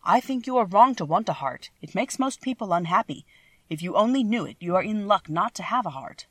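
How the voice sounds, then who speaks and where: A woman's voice: mid-range voice, lively intonation, fairly quick, fairly bright tone, breathy edge, no room sound. An old, meek humbug wizard confesses mildly and kindly in a storybook reading, voiced by a woman in her own plain tone. The sound is dry and close. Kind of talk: audiobook reading.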